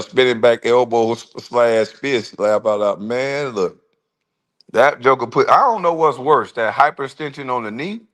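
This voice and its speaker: Casual livestream host, forties man, mid-pitched, slangy and animated. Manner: animated, slangy storytelling with laughs.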